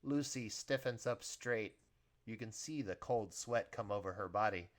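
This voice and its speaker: A man's voice: on the low side, a little slow. A man narrating a tabletop game as game master in plain descriptive speech.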